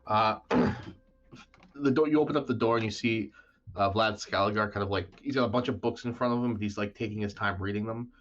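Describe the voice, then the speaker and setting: A man's voice: lowish voice, brisk, a bit bright, muffled recording. A man narrating a tabletop game as game master in a casual, filler-heavy way.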